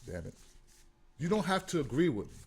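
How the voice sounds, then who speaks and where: A man's voice: fairly high pitch, big pitch swings, brisk, a little mellow, breathy edge. A man hosting a call-in talk show, ranting with passion and profanity. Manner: impassioned, profane, emphatic. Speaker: host. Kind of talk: heated call-in show rant.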